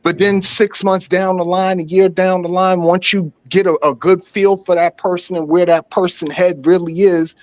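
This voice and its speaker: A man's voice: sits high, little pitch movement, normal speed, few pauses, a little mellow. A man with a New York accent, a panelist in a casual debate, explaining his view at length and asking whether you follow him. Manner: laid-back, explaining, keeps asking if you understand.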